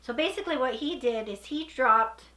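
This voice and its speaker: A woman's voice: high voice, moderate pace, sharp tone, echoey room. A woman chatting casually, prompting the story with questions and laughing often. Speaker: co-host. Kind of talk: casual chat.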